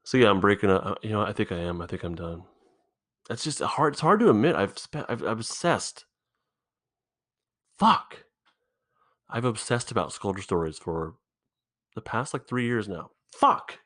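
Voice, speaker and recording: Deep-voiced man thinking out loud. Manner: rambling, halting, with frequent swearing and restarts. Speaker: podcast host. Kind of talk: solo podcast monologue, thinking out loud. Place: indoor room.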